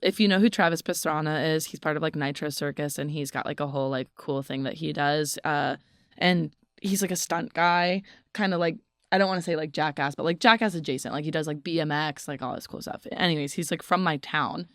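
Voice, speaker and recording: Lower-voiced young woman, rambling storyteller. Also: a little fast, no room sound, clean studio sound. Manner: rambling storytelling, heavy use of "like". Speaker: podcast co-host. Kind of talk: casual chat.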